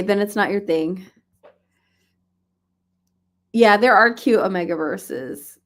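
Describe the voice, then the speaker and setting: A woman hosting a relaxed reading livestream, chatting casually with viewers, laughing often and talking softly to her cat. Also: mid-range voice, slow, pauses often. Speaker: livestream host. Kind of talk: casual chat.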